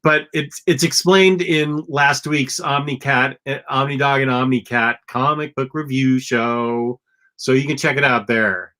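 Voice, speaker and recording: A blunt, opinionated man with a bright, sharp-edged voice at an average male pitch. He co-hosts a casual comic book talk and fills his pauses with ums. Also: steady tone. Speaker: podcast co-host.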